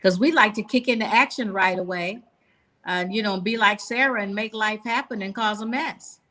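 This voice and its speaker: A woman's voice: medium pitch, normal speed, sharp tone. A woman author and guest giving an inspirational talk on a video call, earnest and preachy.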